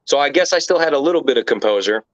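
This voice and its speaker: This interviewee speaks rapid-fire at medium pitch with lively intonation, spinning a casual, animated story full of curses and rambling asides. The audio is dull, dry, lo-fi.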